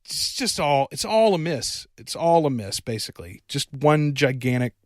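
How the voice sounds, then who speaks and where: A man's voice: fairly high pitch, very animated, normal speed, no room sound. Rambling man, dry close sound. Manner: rambling, lots of fillers and self-corrections. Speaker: podcast co-host. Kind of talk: casual film discussion.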